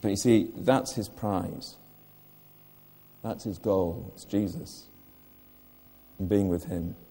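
A man's voice: sits low, slow, warm tone, big-room sound. An older man preaching a sermon in church, earnest, putting direct questions to the listeners.

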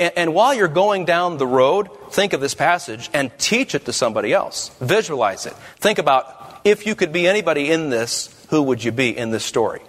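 A man's voice: on the high side, a bit bright. A man giving a church Bible-study teaching talk with emphatic phrasing and stumbling restarts. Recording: reverberant hall.

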